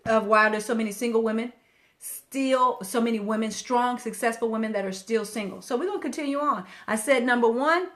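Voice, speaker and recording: A woman's voice: fairly high pitch, fairly bright tone. A woman in her fifties hosting a casual livestream, chatting straight to her viewers as a relationship speaker.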